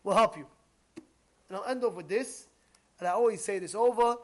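A man giving a Torah class as a rabbi, animated, repeating points and asking his listeners rhetorical questions. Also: high-pitched, normal speed.

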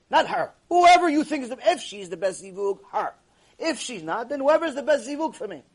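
A man teaching a Torah class to a live audience, telling stories in an animated way and using many Hebrew terms. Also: very high voice, brisk, breathy edge.

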